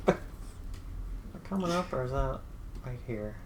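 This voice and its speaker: A man's voice: mid-range voice, expressive, measured pace. Blunt, teasing young man gamer. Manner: blunt, teasing, swears casually. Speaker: let's play co-host. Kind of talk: casual gaming commentary.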